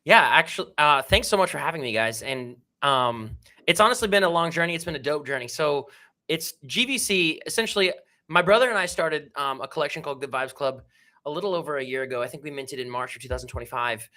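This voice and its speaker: A man talks in a relaxed, slangy way, full of "like" and "dude". His voice sits a little high and rings with a bright, forceful tone. It sounds like a guest joining a livestream over a remote microphone. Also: fast talker. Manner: enthusiastic, slangy, lots of "like" and "dude". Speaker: guest, NFT collection co-founder. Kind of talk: casual livestream chat. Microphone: remote call microphone.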